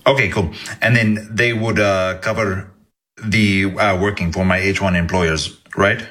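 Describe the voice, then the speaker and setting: A man's voice: low voice, steady tone, unhurried, fairly bright tone. A man posing as a client on a phone call in a put-on Indian accent, with brief casual replies.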